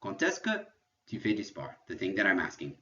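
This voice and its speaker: A man with a fairly low voice teaches a virtual French class in an upbeat, step-by-step way, moving between English and French. The sound is dull and lo-fi, like a simple home recording. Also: huge pitch swings, a little fast, bright, forceful tone.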